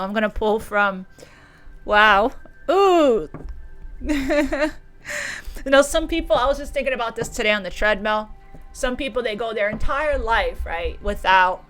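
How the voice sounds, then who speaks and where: A woman's voice: medium pitch, fairly bright tone. A woman giving an emotional tarot reading, gushing and repeating words as she channels messages. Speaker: tarot reader.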